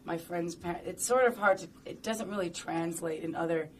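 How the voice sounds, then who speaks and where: A woman's voice: on the low side, normal speed, slight background noise. A woman talking casually and playfully in an interview, rambling and chatty with lots of fillers.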